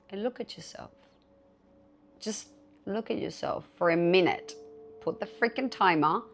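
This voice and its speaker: A woman's voice: sits low, animated, normal speed, slight background noise. A woman hosting her own podcast, talking casually and candidly, swearing freely and with animation. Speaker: podcast host. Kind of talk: casual solo podcast talk.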